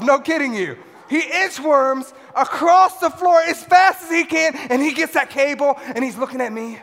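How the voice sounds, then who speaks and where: A young man preaching a sermon to a youth audience in an animated way, swinging between loud shouts and quiet asides. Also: extremely high pitch, moderate pace, few pauses. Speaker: youth pastor. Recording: long hall reverb.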